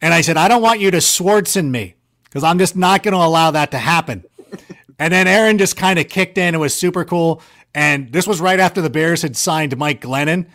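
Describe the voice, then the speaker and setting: A man telling rambling, self-mocking anecdotes in a casual chat, with lively jumps in his voice. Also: on the high side, brisk.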